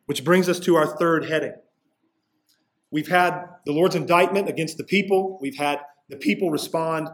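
Male pastor, expository sermon, slightly higher voice, emphatic on key lines. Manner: expository preaching, rising intensity on key points.

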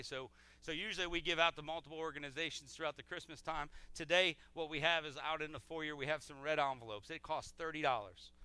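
Bright, clear-voiced man rallying a congregation. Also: fairly high pitch, dry recording. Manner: enthusiastic, repeats words as he rallies the congregation. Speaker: church pastor making announcements. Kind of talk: casual church announcements before the sermon.

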